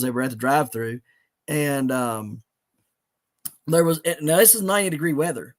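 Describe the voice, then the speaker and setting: A middle-aged man tells a moving personal story in an earnest, halting way, full of restarts. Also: fairly high pitch, a bit bright. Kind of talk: emotional storytelling in conversation.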